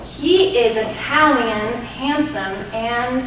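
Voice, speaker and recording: High-voiced and bossy, this is a scheming sister, played by a woman in a live improv scene. She scolds and pushes, her lines ringing through an echoey theater. The sound comes from far off, with a noisy hiss behind it. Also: slow. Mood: pushy. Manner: scolding, pushy, bursts into shrill outbursts. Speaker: improv performer. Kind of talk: improvised stage comedy scene. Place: small theater stage. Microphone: distant room mic.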